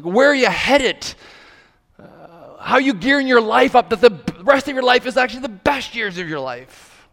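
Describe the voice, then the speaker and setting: A male pastor preaching a sermon, telling a lively story and acting out the voices of the people in it. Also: high-pitched. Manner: animated, acts out quoted voices. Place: large church hall. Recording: long hall reverb.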